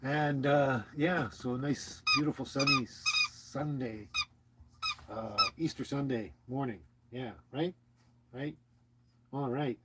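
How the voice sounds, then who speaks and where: A man's voice: mid-range voice, slow pace, a bit bright, slight background noise. A man hosting a casual livestream, rambling and chuckling as he greets viewers by name and talks to his dog. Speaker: livestream host.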